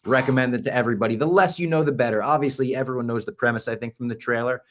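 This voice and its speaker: A man hosting a podcast, chatting casually and enthusiastically, sometimes dropping to a hush for asides. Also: medium pitch, rapid-fire. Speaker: podcast host.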